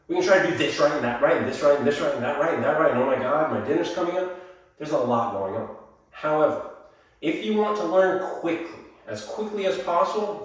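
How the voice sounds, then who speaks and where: A male dance instructor teaching a lesson, calling out counts in a singsong rhythm and explaining the drills. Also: on the high side. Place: dance studio. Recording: echoey studio, voice from far off.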